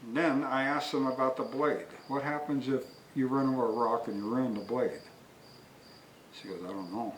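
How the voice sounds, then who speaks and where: A man's voice: mid-range voice, normal speed, a little hiss or hum. A man telling a rambling, folksy story before reviewing a product he bought, recorded outdoors with crickets faint behind him. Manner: folksy, long-winded. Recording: echoey, distant from the mic. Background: faint crickets and insects.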